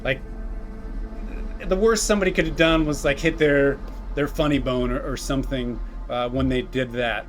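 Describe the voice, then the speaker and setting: A man's voice: medium pitch, steady tone, moderate pace, soft background music. A man running a tabletop horror game, describing scenes in a rambling way with frequent restarts. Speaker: game master.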